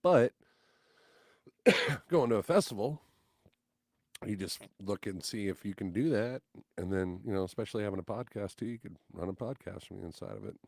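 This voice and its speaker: A man's voice: on the low side, normal speed, gravelly, long pauses, no room sound, clean studio sound. A man, a guest musician on a podcast, telling stories in casual chat and acting out the people he quotes. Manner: animated, acts out quotes loudly.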